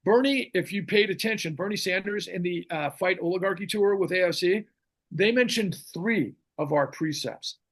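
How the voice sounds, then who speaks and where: A man's voice: sits high, normal speed, fairly bright tone. A middle-aged man hosting a podcast, ranting about politics in a fiery, rambling way with many restarts. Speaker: podcast host. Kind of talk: impassioned political talk.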